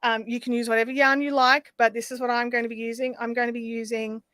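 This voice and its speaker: A woman's voice: fairly high pitch, level tone, quick pace, a bit bright, no echo, studio quality. A woman hosting a casual live stream, rambling with lots of ums while answering chat comments. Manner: rambling with frequent ums and restarts. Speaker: livestream host.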